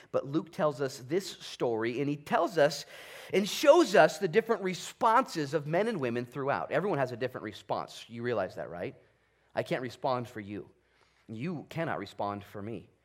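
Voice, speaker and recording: A man preaching a sermon from a church stage with animated, exclamatory delivery that swings between loud bursts and quieter asides. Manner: hushed, low prayer voice. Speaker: pastor.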